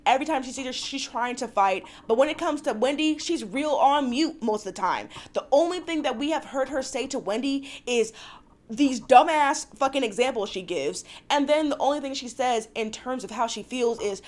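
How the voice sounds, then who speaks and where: Woman venting on a recap vlog, high voice that swoops all over, cusses a lot. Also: lively intonation. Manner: profane, exasperated ranting; acts out cast members' lines in quick voices. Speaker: reality TV recap vlogger. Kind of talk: casual recap and commentary.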